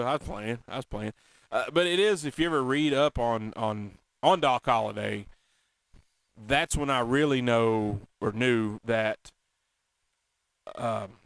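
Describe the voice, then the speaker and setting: Animated man in casual chat. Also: mid-range voice, no room sound. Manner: animated, quotes movie lines in a drawl. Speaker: podcast co-host.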